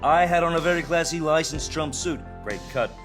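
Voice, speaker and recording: A man's voice: fairly high pitch, natural voice. An actor playing a boastful tycoon narrating his memoir chapters, crude and bragging. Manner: crude bragging, slow and deliberate. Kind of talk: chapter narration in a parody film. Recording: narration over loud music.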